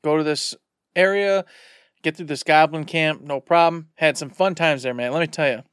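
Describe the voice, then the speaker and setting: Man, podcast co-host, casual storytelling, smooth voice, dry close mic. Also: fairly high pitch, normal speed, dry recording. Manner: animated, rambling retelling with filler words.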